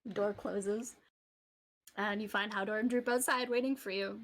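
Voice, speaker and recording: A woman's voice: medium pitch, fairly even intonation, normal speed. A woman narrating a tabletop game as game master, casual with frequent fillers.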